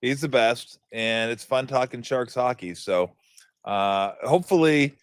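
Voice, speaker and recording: A man's voice: medium pitch, measured pace, clear, resonant tone, no room sound, clean studio sound. A middle-aged man hosting a casual sports talk show, telling stories animatedly and laughing often. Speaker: podcast host.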